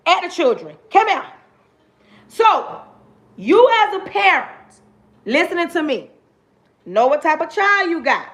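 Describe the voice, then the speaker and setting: A woman's voice: very high voice, bright, forceful tone. A woman teacher livestreaming, speaking emphatically and repeating herself as she talks straight to her viewers. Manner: emphatic, repetitive, direct address to viewers. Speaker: livestream host. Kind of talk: casual livestream rant.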